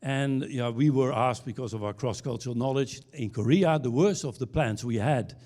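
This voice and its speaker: On a conference stage, a keynote speaker with a mellow, medium-pitched voice tells anecdotes. He halts and restarts his sentences and lands each story on a punchline.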